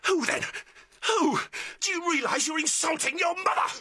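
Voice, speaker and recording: A man playing a jealous, unhinged army captain and father, swinging between mocking laughter, despair and shouting. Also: extremely high pitch, normal speed. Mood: indignant. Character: bitter, unhinged military father, jealous and raging. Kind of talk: stage drama acting.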